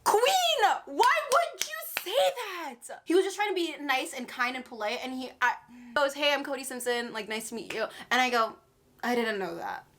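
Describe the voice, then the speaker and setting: A woman's voice: a little high, a little fast, fairly bright tone, a little hiss or hum. A woman in her twenties telling embarrassing fan stories in a casual vlog, self-mocking and dramatic, swearing casually. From Canada. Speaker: vlogger.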